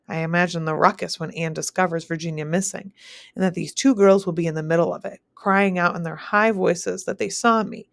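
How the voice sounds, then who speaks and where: A woman teacher reading a novel aloud in the first person, steady and plain, with small slips now and then. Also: lowish voice, fairly quick, creaky, no echo, clean studio sound.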